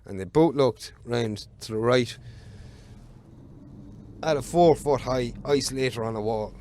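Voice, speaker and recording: A man's voice: mid-range voice, measured pace, darkish tone. A man in his thirties with an Irish accent, a podcast guest telling a long work story casually, rambling with plenty of fillers and swearing freely. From Ireland. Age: 30s.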